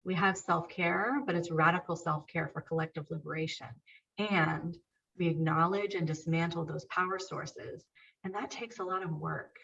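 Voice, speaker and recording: A woman's voice: lowish voice, fairly even intonation, moderate pace, vocal fry, fairly bright tone, recorded from a distance, muffled recording. A woman guest speaking earnestly and emphatically in a conversational interview. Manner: earnest, emphatic, repeats agreement. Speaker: guest, author and painter.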